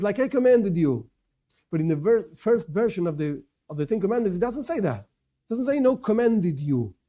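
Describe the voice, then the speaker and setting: A man's voice: high-pitched, mellow. A man teaching a religious lesson, emphatic, often repeating himself and correcting his words mid-sentence. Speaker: Torah teacher. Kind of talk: religious lesson to non-Jews.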